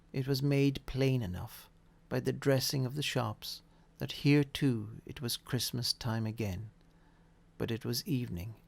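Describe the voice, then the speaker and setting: Guy reading a classic storybook out loud, slow n gravelly. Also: medium pitch. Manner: measured, expressive reading. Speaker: audiobook reader. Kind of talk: storybook narration.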